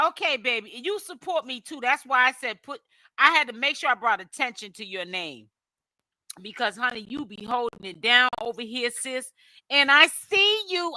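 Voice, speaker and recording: Chatty woman live streamer, high sharp voice, dry close sound, shouts out viewers by name. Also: no room sound. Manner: chatty, greets viewers one by one; stumbles over names and apologizes. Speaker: livestream host. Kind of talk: casual live-stream chat.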